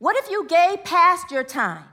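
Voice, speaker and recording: Bright-voiced woman minister preaching casually. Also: very high voice, unhurried. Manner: chatty, laughing, animated storytelling. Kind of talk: informal sermon with anecdotes.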